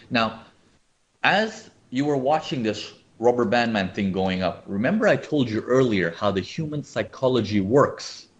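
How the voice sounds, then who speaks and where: Animated man teaching a live trading webinar. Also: mid-range voice, lo-fi sound. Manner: animated, asks viewers often. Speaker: trading educator.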